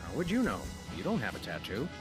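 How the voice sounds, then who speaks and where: An actor playing a dry, deadpan, formal-talking canine detective in a cartoonish video game. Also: male voice, mid-range voice, fast talker, over music.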